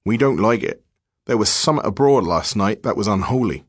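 A plain-spoken village labourer, uneasy and rustic, as a man voices him. His voice sits low and husky, close and dry. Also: animated, moderate pace, no echo.

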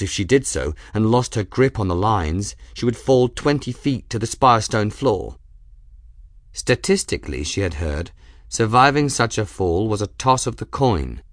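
A man reading a fantasy story aloud as narrator, in a measured storytelling delivery. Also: fairly low pitch, no room sound, clean studio sound. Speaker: audiobook narrator. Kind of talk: scripted narration.

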